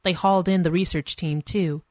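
A woman's voice: on the low side, steady tone, moderate pace, no room sound, studio quality. A woman narrating a first-person story in a wry, conversational manner.

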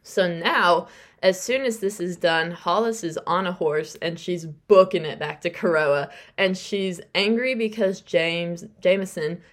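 A woman's voice: on the low side, unhurried. Chatty young woman recapping a book. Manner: chatty, acts out characters' lines while retelling. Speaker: podcast host.

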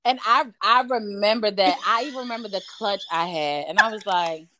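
A young woman telling a story in casual chat, animated and laughing often as she acts out what people said. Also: medium pitch, normal speed, no room sound. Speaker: podcast host telling a story.

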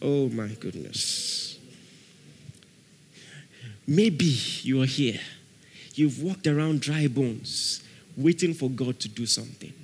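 A man preaching a sermon with fervor, calling out to his congregation and rising at times to shouts. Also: mid-range voice, unhurried, husky. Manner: fervent, calls out to the congregation.

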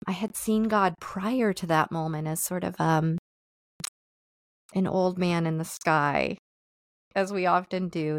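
Low gravelly woman podcaster, soft confessional storytelling, dry close mic. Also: no room sound. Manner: soft, reflective and confessional, with thoughtful pauses. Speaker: podcast host.

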